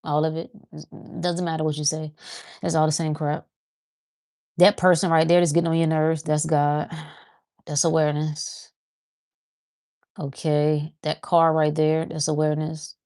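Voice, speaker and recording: Woman with a low voice, casual spiritual monologue, loose and repetitive. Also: level tone, a little slow, long pauses, warm tone. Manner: conversational, repeats herself, talks to herself as she thinks aloud. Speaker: host of a spiritual talk show.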